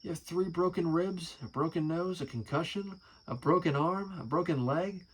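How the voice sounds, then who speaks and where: A man's voice: on the high side, moderate pace, husky, voice pushed up, poor audio. A man reading as a blunt male doctor. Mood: grave. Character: adult male doctor listing injuries.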